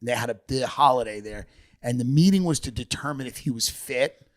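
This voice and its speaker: A man in an easygoing podcast conversation, riffing and storytelling with a mid-pitched voice. He jumps into quick impressions of others, pushing his voice up when he mimics them. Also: dry recording. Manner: animated storytelling, mimics people in a raised voice. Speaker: podcast guest comedian. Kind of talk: casual comedy podcast chat.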